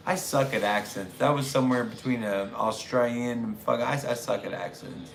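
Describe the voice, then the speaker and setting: A man's voice: mid-range voice, moderate pace, gravelly, hardly any pauses. A man in his thirties hosting a call-in show, chatting casually in a profane, rambling way with lots of fillers. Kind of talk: casual chat. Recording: roomy room with faint noise.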